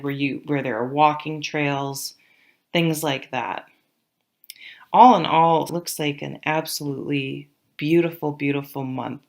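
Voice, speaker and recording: A middle-aged woman giving a casual tarot reading to camera, rambling and often trailing off to restart her sentences. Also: sits low. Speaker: tarot reader.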